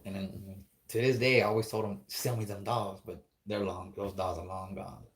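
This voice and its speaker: A man's voice: deep voice, flat delivery, moderate pace. A man telling a spooky story in a casual, rambling, profane way, acting out the dialogue as he goes.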